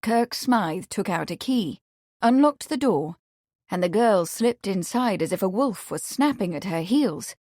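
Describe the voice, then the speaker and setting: A woman reading a mystery audiobook in scripted narration with a steady, even delivery. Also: mid-range voice, measured pace, no echo, clean studio sound.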